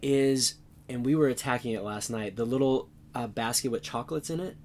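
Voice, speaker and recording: A man answering interview questions in a trailer on a TV set, easygoing and relaxed, with hesitant fillers. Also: medium pitch, brisk, a little hiss or hum. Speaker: interview guest.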